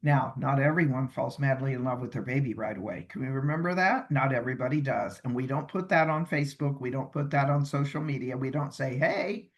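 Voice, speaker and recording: A man's voice: medium pitch, brisk, few pauses. A man presenting an online training lecture from a hotel room over a video call, chatty and emphatic, often acting out what mothers say. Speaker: webinar presenter.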